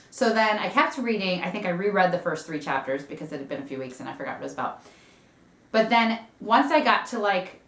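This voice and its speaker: A woman's voice: medium pitch, a bit bright, roomy sound. A woman chatting casually about books she read, rambling with fillers and restarts. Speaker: book vlogger. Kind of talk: casual chat.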